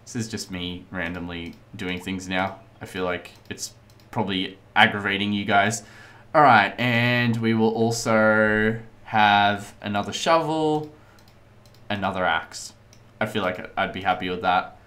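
A man casually commenting on his own gameplay as host, chatty, rambling and excitable. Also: fairly low pitch, measured pace. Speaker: let's play host.

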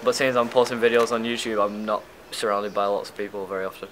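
A man's voice: on the low side, steady tone, quick pace, fairly bright tone, a little hiss or hum, poor audio. Young lancashire guy rambling through a tag video, jokey, bit sweary. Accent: northern English, Lancashire. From Lancashire, England. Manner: jokey and blunt, swears casually. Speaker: YouTube vlogger. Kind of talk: casual chat, doing a tag video.

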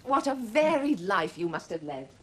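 A woman's voice: mid-range voice, big pitch swings, moderate pace, a bit bright, a little hiss or hum. An actress playing a bold, playful and inquisitive lady in a 1970s period drama. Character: bold, flirtatious cigar-smoking lady.

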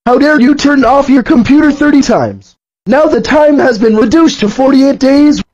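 Barney, a squeaky scolding dinosaur voiced by a man. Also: animated, moderate pace, a little mellow. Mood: furious. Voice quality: very high-pitched. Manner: scolding, threatening, repeating rules. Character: bossy scolding purple dinosaur, male. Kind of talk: fan cartoon voice acting. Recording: dull lo-fi audio.

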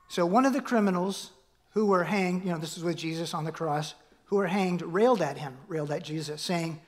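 A man's voice: high voice, fairly quick. A middle-aged man preaching a sermon in a church, in a conversational way with fillers and restarts. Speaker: pastor.

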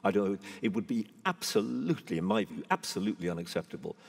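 A man's voice: on the low side, sing-song, fast, gravelly, slightly rough. An older man, a veteran broadcaster and guest in a live on-stage conversation, speaking in a forthright, emphatic way and often restarting his sentences. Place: large event hall before an audience. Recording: long hall reverb.

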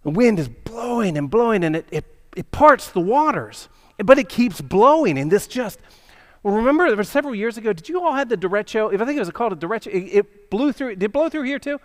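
A male pastor retelling a story in a church, conversational and animated, often checking in with listeners. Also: high voice, fast talker. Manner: conversational, animated, asks the congregation "right?". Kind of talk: storytelling sermon. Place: church sanctuary.

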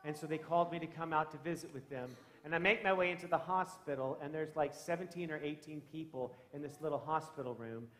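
A man who is a pastor, telling a story, growing hushed and then loud as the story turns. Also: on the high side, quick pace, hardly any pauses. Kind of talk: storytelling sermon. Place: church sanctuary. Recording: echoey church room.

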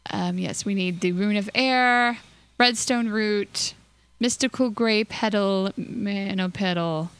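A young woman chats her way through a game session, talking fast and scattered and giggling as she goes. She slips into a high cooing voice for the cute creatures on screen. Her voice sits in a middle pitch, recorded close and dry. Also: a bit bright, clean tone, no echo. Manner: hyper and scattered. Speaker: let's play host. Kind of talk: casual gameplay commentary.

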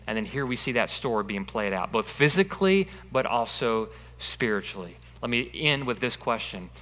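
Emphatic preacher, bright voice in a hall. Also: male voice, medium pitch, expressive, moderate pace. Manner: emphatic, repeats phrases, rising to loud peaks. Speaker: pastor. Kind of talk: sermon. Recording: long reverb of a large hall.

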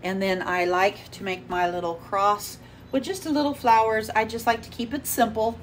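Rambling woman filming a casual home vlog on a handheld camera, with a clear hiss of noise behind her; she slips into whispers now and then. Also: mid-range voice, steady tone, moderate pace. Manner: chatty, rambling, many "um"s; drops to a whisper at times. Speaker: vlogger. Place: at home, inside and in the yard.

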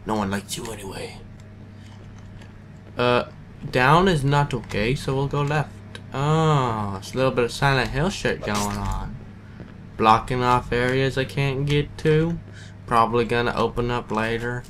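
A man talks through a horror game at a relaxed, slow pace, jumping at scares and cursing at enemies. His desk mic picks up clear keyboard typing behind him. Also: medium pitch, noisy background. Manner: jumpy, swears and taunts enemies. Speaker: let's play gamer. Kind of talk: casual horror gameplay commentary.

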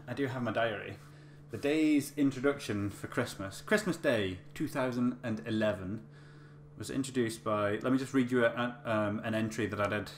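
A man's voice: mid-range voice, a bit bright. A man chatting casually to camera, telling a story with many fillers and restarts. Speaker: vlogger. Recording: echoey room with faint hum.

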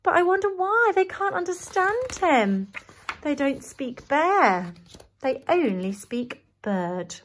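A woman teacher reading a picture book aloud to young children, animated and enthusiastic, often gasping in delight. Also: high voice, slow, slight background noise.

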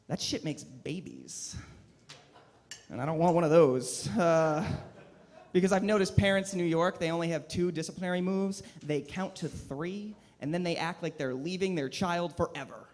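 A man in his twenties performing a deadpan, self-deprecating stand-up set on a comedy club stage into a handheld mic. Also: a little high, normal speed, a little hiss or hum.

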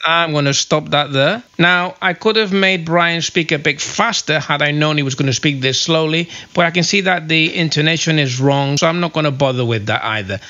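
Bright-voiced man reviewing software. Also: a little high, normal speed, few pauses, muffled recording. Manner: chatty, explanatory walkthrough.

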